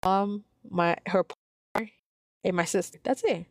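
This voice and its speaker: A woman's voice: mid-range voice, fairly even intonation, measured pace, dry recording, clean studio sound. A woman reading a story aloud and rambling into side comments, with many restarts and the odd Spanish exclamation. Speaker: story reader.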